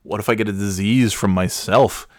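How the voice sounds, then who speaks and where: A man's voice: fairly low pitch, fairly even intonation, normal speed, no echo, studio quality. A man hosting his own podcast who tells stories in a rambling, self-mocking way and swears casually. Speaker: podcast host. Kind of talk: casual comedic storytelling.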